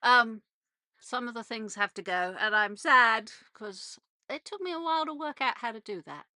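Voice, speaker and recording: A fairly high-pitched, bright and forceful British woman hosts a radio show from a narrowboat on a canal at normal speed. Her monologue is casual, chatty and meandering, with frequent restarts and little laughs.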